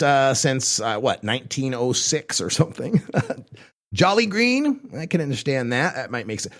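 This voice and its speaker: Older man, radio host, lively pitch swings, wry and joking. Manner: wry, joking, chuckling asides. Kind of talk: casual talk radio.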